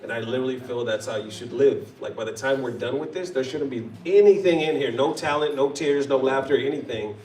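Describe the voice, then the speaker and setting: A man's voice: mid-range voice, a little fast, few pauses, slight background noise. Man telling stories in an echoey hall. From United States. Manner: animated, laughs often, acts out quotes. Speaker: panelist. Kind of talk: casual storytelling on a convention panel. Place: convention hall. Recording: roomy hall, mic at a distance.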